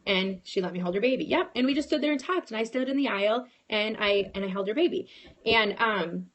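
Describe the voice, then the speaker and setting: A woman in her thirties giving a casual motivational talk to her sales team, telling a personal story with lots of restarts. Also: medium pitch. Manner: animated, storytelling, frequent restarts. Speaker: network marketing team leader.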